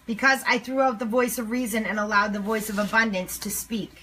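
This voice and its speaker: A woman speaking emphatically to camera as a motivational speaker, swinging between loud and hushed lines. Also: a little high, fairly even intonation, a little fast, a little hiss or hum.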